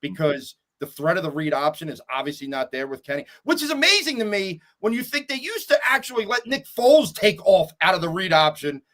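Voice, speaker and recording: A man's voice: high voice, very animated, fairly quick, few pauses, a bit bright. A man co-hosting a casual sports podcast, reflective and questioning as he talks through the game. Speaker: podcast co-host.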